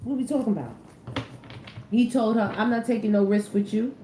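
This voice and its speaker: A woman's voice: fairly high pitch, fairly even intonation, brisk, warm tone, a little hiss or hum. A woman reading tarot cards in a casual, chatty way, full of slang and repeated phrases for emphasis. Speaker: tarot reader. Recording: roomy echoey recording.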